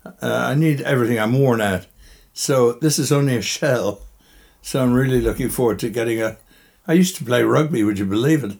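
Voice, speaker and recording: A man's voice: medium pitch, fairly quick, gravelly, darkish tone. A man of seventy-five talking from his bed in a podcast interview, breathless and emotional, reflective and chuckling, choking up at times, with a microphone lying on the bedsheet. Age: 70s. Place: bedroom, recorded from bed. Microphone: microphone resting on the bedsheet.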